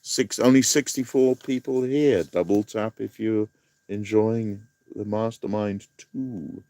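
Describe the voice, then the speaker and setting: A man's voice: lowish voice, fairly even intonation, takes it slowly, mellow, no echo. A man hosting a casual live-stream quiz, chatty and rambling, laughing at his own asides. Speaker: livestream quiz host.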